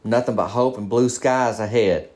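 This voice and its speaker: Guy spinning a goofy small-town yarn, laid back drawl, mid pitch. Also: normal speed, darkish tone. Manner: folksy Southern drawl storytelling, slips into voices for friends. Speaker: comic storyteller. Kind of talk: first-person comedic monologue in character.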